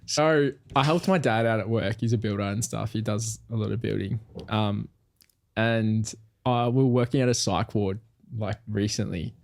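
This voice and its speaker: A man's voice: on the low side, moderate pace, creaky. A young man, a podcast co-host telling a story casually and animatedly, acting out quoted voices.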